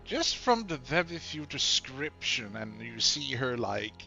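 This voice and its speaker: A man's voice: medium pitch, very animated, measured pace, gravelly, pushed and bright, dull audio, soft background music. A man narrating as game master of a tabletop role-playing game, describing scenes and now and then speaking for characters.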